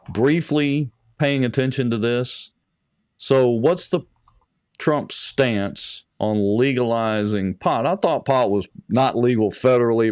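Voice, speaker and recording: A man co-hosting a political talk show, measured and wry, often laughing. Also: medium pitch, darkish tone, no echo, clean studio sound. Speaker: podcast co-host.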